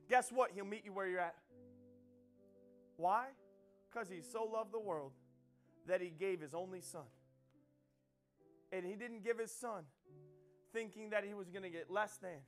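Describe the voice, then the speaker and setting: A man preaching a sermon with passion, repeating phrases and building to loud emphatic peaks. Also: high voice, unhurried, long pauses, faint music behind.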